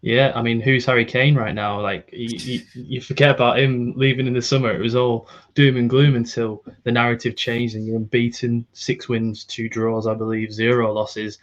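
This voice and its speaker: A man co-hosting a podcast, giving matter-of-fact football opinions in a measured way. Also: mid-range voice, level tone, highs cut off. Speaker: podcast co-host. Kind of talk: casual football chat.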